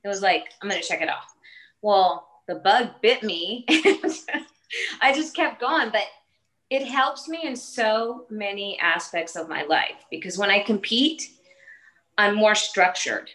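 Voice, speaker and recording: A woman's voice: mid-range voice, lively intonation, slow pace, a bit bright, poor audio. A woman in her late forties, a fitness trainer, chatting earnestly in a casual podcast interview, speaking in short restarting phrases. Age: 40s.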